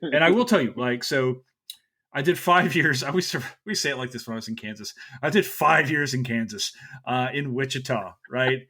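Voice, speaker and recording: A man from Kentucky hosting a history podcast, talking in a joking, animated way with quick asides. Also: mid-range voice. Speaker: podcast host, history teacher. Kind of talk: casual podcast chat.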